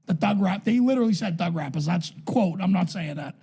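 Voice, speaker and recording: A man's voice: high voice, expressive, fairly quick, vocal fry, mellow, slightly rough. A middle-aged man from New England, co-hosting a podcast in profane, joking banter. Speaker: podcast co-host. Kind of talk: casual chat.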